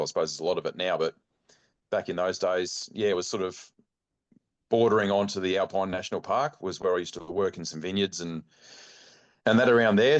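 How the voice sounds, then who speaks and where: A middle-aged Australian man tells a hunting yarn as a podcast guest, his voice sitting on the low side. He talks in easy, slangy runs and acts out what his mates said along the way. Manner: animated yarn-spinning, acts out quotes, laid-back slang. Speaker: podcast guest, bowhunting club chairman. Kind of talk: casual storytelling interview.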